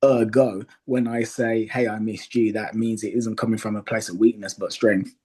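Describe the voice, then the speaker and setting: A man guesting as a dating coach on a podcast, calmly explaining his view with examples. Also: lowish voice, slightly rough. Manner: measured, explains by example with acted quotes. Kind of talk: casual podcast conversation.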